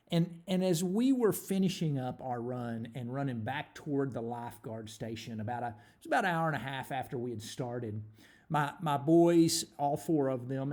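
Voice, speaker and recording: A man in his forties earnestly telling a personal story, animated, with frequent repeated starts. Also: medium pitch. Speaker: ministry speaker.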